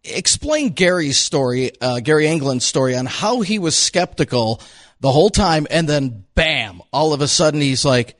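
A man's voice: on the high side, animated, moderate pace. A man hosting a talk show, speaking casually and searching for his words. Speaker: host.

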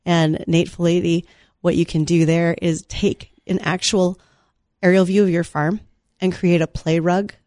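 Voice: medium pitch, flat delivery, unhurried, darkish tone, no room sound, clean studio sound. A lifelong North Dakotan hosting a farm and weather radio show, chatting in a wry, snarky, joking way. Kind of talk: casual on-air chat.

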